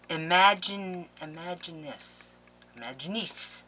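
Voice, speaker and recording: A woman's voice: fairly low pitch, animated, a little slow, bright, forceful tone, a little hiss or hum, rough recording. A woman scrapbooking vlogger opening a package on camera, gushing and playfully melodramatic in a casual chat. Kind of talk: casual unboxing vlog.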